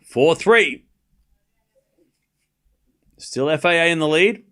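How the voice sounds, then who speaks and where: A man hosts a live tennis watchalong stream, calling points play-by-play and bantering sarcastically with chat. He swings from muttered score updates to shouted calls, taking it slowly with a fairly high pitch and lively intonation.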